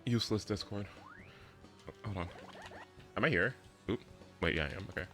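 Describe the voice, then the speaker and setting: A man's voice: on the low side, normal speed, a bit bright, soft background music. A man streaming a game, chatting casually with a friend over voice chat, stammering, laughing and teasing with frequent swearing.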